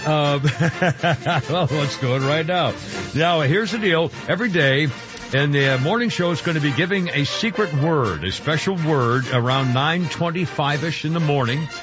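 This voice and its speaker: A man's voice: fairly high pitch, moderate pace, music in the background. A man hosting a radio show, talking in a rambling, chuckling way that often trips over its own words. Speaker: radio host. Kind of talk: casual radio banter. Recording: dull radio broadcast sound.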